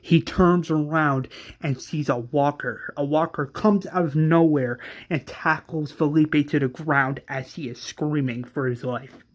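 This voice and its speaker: A man retelling an imagined episode in a casual fan narration, excitable and profane, stumbling over restarts. His voice sits somewhat high and his pace is slow and drawn out. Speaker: fan storyteller.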